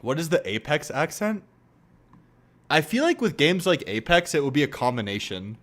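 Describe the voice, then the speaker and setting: Animated young male streamer. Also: fairly high pitch, moderate pace. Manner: animated, laughing, swearing, mocking impressions. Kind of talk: casual stream commentary.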